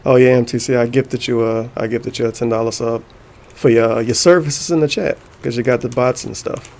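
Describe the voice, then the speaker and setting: A male streamer reacting live to forum posts, sarcastic and mocking, swearing freely. His voice has a gravelly, creaky texture at a middle pitch. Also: fairly even intonation, moderate pace, a little mellow. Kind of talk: casual stream commentary, reading aloud.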